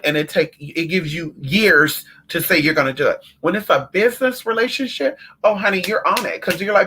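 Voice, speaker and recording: Sassy bright-voiced man ranting. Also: sits high, expressive, normal speed, few pauses, slight background noise. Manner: sassy and emphatic, calls listeners honey and girl. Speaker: spiritual consultant on a livestream. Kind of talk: casual livestream rant.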